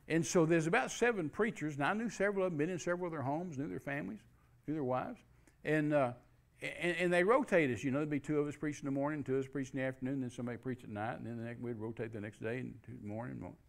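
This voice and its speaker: Gravelly folksy preacher man. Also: on the high side. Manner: folksy, animated, acts out quotes. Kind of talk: storytelling sermon.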